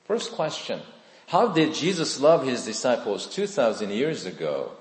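A male pastor delivers a sermon in a very lively voice that rises and falls widely in pitch. He moves between loud, emphatic lines and soft, hushed ones. His voice rings through a big, reverberant hall with a long, roomy echo. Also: measured pace.

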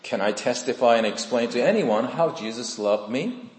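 A male pastor preaching a sermon, swinging between loud, emphatic lines and soft, hushed ones. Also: mid-range voice, expressive, normal speed. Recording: echoey hall with long reverb.

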